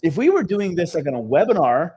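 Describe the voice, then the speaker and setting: Male seminar speaker, husky higher voice, energetic storyteller, keeps asking "okay?". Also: fairly quick. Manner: energetic storytelling, constant "okay?" check-ins. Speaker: seminar speaker and event host. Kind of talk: live seminar talk to an audience. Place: event room with live audience.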